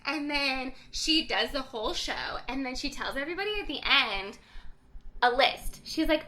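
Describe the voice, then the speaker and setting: A woman's voice: sits high, lively intonation, moderate pace, sharp tone. A young woman casually recapping a story on a book podcast, acting out the characters' lines with lots of fillers.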